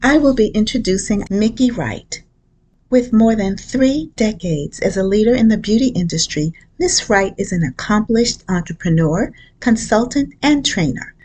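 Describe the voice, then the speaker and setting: Woman introducer, reads from script, deliberate listing delivery, mid pitch. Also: expressive, darkish tone.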